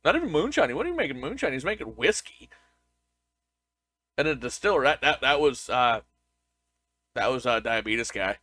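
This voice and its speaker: A man's voice: medium pitch, very animated, moderate pace, long pauses, sharp tone, dry recording. A man co-hosting a podcast, chatting casually and joking with mock confusion. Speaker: podcast co-host. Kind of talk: casual chat.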